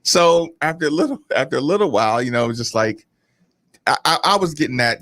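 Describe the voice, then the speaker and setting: A man co-hosting a sports radio show, telling stories in a casual, animated way and acting out quotes. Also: mid-range voice, fast talker, no room sound, clean studio sound. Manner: animated, laughing storyteller who acts out quotes. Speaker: radio co-host, former basketball player.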